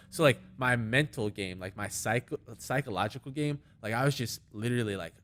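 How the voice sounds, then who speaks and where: A man's voice: medium pitch, fairly quick, few pauses, a bit bright. A man, an MMA fighter and trainer, talking as a podcast guest in a rambling, storytelling way full of "like" fillers. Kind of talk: casual podcast conversation.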